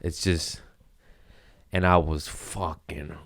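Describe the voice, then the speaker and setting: A man's voice: rumbling low, steady tone, slow, fairly bright tone, no echo, studio quality. A man in his thirties hosting a podcast, telling stories in a profane, rambling casual chat. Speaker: podcast host, comedian.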